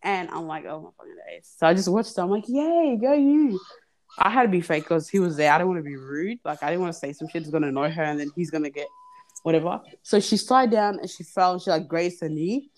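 Young woman telling an animated story. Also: on the low side, quick pace. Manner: animated, acts out quoted voices. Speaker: podcast guest. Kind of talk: casual storytelling chat. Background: children in the background.

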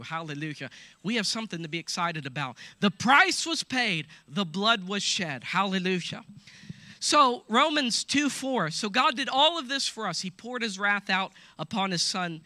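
Lively, bright-voiced preacher man. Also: high-pitched, moderate pace, no room sound. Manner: animated, laughing asides, call-and-response. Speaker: pastor. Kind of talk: sermon.

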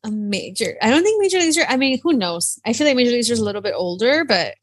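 Woman in her 30s, a bit high-pitched, teasing podcast co-host, dry close mic. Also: fast talker, breathy edge, no echo. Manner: teasing, animated, mixes in Spanish phrases. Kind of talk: casual chat.

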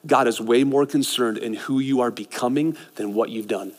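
Within a long, reverberant hall, a middle-aged man preaches as a pastor at a moderate pace in a mid-range voice. He alternates between excited, loud stretches and quiet, intimate moments.

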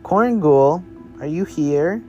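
A man's voice: medium pitch, lively intonation, slow pace, dull audio, soft background music. A man voicing an eager young male ghost hunter, calling out keen questions in a slightly raised voice.

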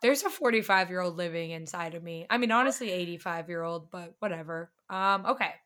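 A woman's voice: lowish voice, animated, a little fast, a bit bright. A young woman from the northern US co-hosting a podcast in casual chat, chatty and self-deprecating, laughing often. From northern United States. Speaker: podcast co-host.

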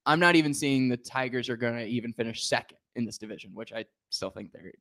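A talkative man hosting a sports chat show, working through his numbered points with emphasis. His voice sits at an ordinary middle pitch for a man. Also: quick pace, a bit bright. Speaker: sports podcast host.

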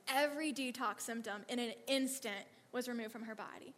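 Woman, mid-high voice, lively testimony storyteller, echo of a big hall. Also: a little fast. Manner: animated, acts out quotes, frequent "like" and "okay". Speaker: speaker sharing a faith testimony.

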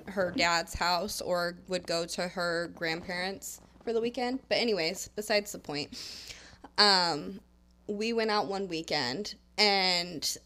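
Young woman co-host, casual podcast chat, rambling storyteller who swears freely and fills pauses with "um". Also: lowish voice, a bit bright, slight background noise. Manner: rambling storytelling, heavy swearing, many fillers.

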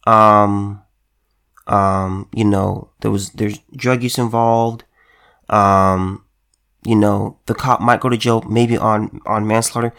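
A man's voice: on the low side, steady tone, slow pace, gravelly, a bit bright. A man delivering an emphatic, heated commentary monologue, repeating and restarting his phrases as he talks. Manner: repetitive, stumbling restarts, heated. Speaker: political commentator.

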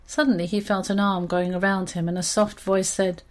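A woman reading a children's story aloud in an expressive, steady storytelling manner. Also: medium pitch, moderate pace.

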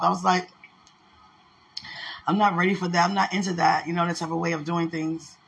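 A woman's voice: fairly low pitch, little pitch movement, a little fast, creaky, pauses often. A woman in an emotional casual talk to her partner, effusive and prayerful, repeating her words.

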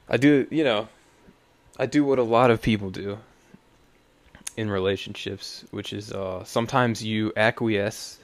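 A man's voice: on the low side, dry recording. A young man hosting a podcast, talking in a rambling, profane, sardonic way. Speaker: podcast host. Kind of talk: casual solo podcast rant.

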